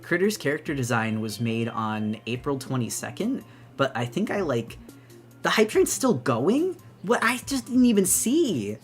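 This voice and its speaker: A young woman chatting excitedly on her debut live stream, bubbly and gushing, rambling with lots of restarts. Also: rumbling low, measured pace, soft background music. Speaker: VTuber streamer.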